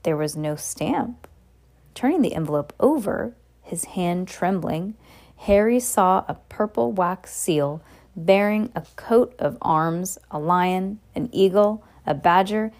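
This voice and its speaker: A woman's voice: fairly low pitch, a little slow. A young woman reading a novel aloud in a casual way, breaking off for chatty, playful asides. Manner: relaxed, chatty, with playful comments. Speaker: reader.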